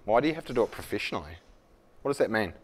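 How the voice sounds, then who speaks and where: Talking very fast in a sing-song way, this leadership speaker has a voice on the low side. He chats with the workshop audience, makes self-deprecating remarks and performs example conversations live.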